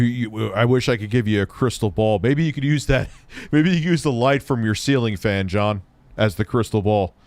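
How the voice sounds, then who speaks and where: A man with a mid-range voice, recorded with no room sound, hosts a live stream reacting to an old tech review. His casual commentary mocks it with sarcastic, swear-filled asides.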